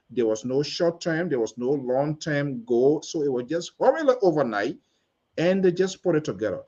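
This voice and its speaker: A man's voice: a little high, darkish tone. A man hosting a political talk show, talking in an emphatic, rambling way. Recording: dull lo-fi sound.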